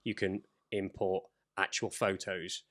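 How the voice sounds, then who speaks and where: Animated man chatting casually. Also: low voice, measured pace. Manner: animated storyteller, swearing, acts out quoted voices. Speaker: podcast co-host. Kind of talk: casual chat.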